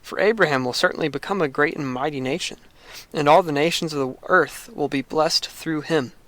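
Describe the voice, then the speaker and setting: A man reading as the Lord, solemn and measured. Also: on the high side, a bit bright, no room sound, natural voice. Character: the Lord, solemn divine male voice.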